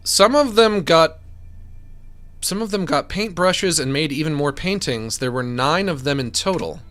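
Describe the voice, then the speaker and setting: A man's voice: a little high, lively intonation, a little slow, a bit bright. A man voicing an anxious, paranoid male painter in a video game, talking in a jittery, pleading way. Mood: uneasy.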